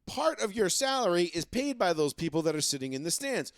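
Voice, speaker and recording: Male sports podcast co-host, rambly storyteller, lively pitch, dry booth sound. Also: a little fast, dry recording. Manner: rambling, filler-heavy storytelling. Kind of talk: casual sports talk.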